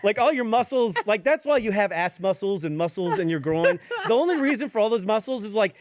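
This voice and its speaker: A man with a high, very lively voice tells a profane, comedic story on a podcast, acting out each person in it. His delivery swings up and down all the time. The sound is dry and close to the mic. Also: fairly quick, dry recording. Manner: animated, profane, acts out the people in his story. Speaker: podcast co-host. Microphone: studio podcast mic.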